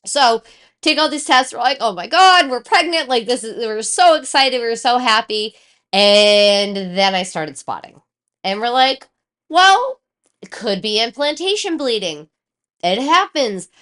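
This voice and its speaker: On a casual chat show, a woman co-hosting the podcast recounts something from her own life in a higher voice and at a slightly slow pace. She tells it with animation and free swearing, imitating the voices of the people in the story.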